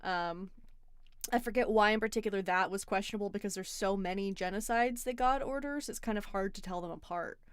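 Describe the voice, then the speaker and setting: A woman's voice: medium pitch, brisk, clear, resonant tone, dry recording. A woman hosting a casual livestream call-in chat, dry and teasing in a matter-of-fact way. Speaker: livestream host.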